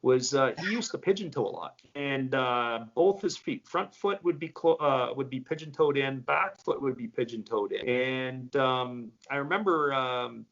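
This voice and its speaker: A man's voice: mid-range voice, expressive, normal speed, few pauses, a bit bright. A man hosting a casual interview, hesitant and full of uhs and ums. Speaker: interview host. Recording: dull lo-fi audio.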